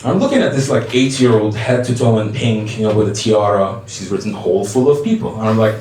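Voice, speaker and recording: A man's voice: fairly low pitch, expressive, fairly quick, few pauses, darkish tone, a little hiss or hum. A man from Iran doing a stand-up comedy set in a bar, animatedly telling stories and acting out the dialogue. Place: bar comedy stage, indoors. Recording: roomy bar echo from a distance.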